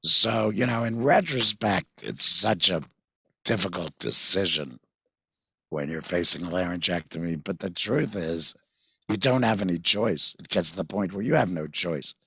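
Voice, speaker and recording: A man with a deep, husky voice recounts his own experience as a guest, pausing often and circling back with fillers and restarts. The recording is dry and close, with no room sound around him. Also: a bit bright, dry recording. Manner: halting, many fillers and restarts. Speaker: guest, patient mentor. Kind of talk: recounting a personal story in conversation.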